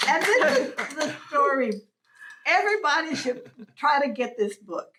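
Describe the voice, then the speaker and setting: A woman storyteller with a high voice tells a folk tale at an unhurried pace. Her narration is animated and often breaks into chuckles. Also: heavy background noise.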